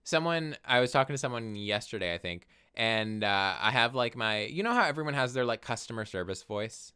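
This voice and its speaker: A young man co-hosting a podcast in casual chat, animated and quick to laugh, swearing casually. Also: mid-range voice, clear, resonant tone. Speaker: podcast co-host.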